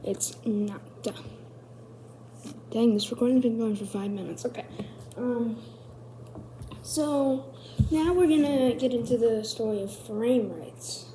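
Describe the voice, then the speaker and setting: Taking it slowly with long pauses, a woman with a fairly high, dark-toned voice hosts a casual tech explainer over slight background noise. She rambles in a chatty way and self-corrects as she goes.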